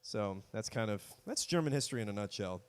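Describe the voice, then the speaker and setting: A man's voice: on the low side, expressive, fairly quick. A young man co-hosting a podcast in casual, jokey chat, riffing with his co-host. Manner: jokey, riffing, slips into silly put-on voices.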